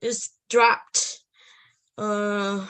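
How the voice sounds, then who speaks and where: A woman streaming late at night, telling a profane comic story and acting out scenes, often loud and animated, into a computer mic. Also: mid-range voice, drawn-out words, clear, resonant tone. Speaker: comedy streamer.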